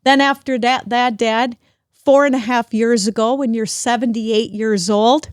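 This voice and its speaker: A middle-aged woman hosting a podcast, talking warmly and emotionally to her father, grateful and close to tears. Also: fairly high pitch, steady tone, a little slow, clean tone, no echo. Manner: emotional, grateful, at times tearful. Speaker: podcast host. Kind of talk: heartfelt family conversation.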